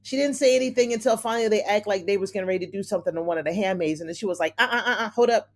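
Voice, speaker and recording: A woman hosting a casual TV episode recap, chatty and animated, who often calls her viewers honey. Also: medium pitch, racing. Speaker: TV recap host.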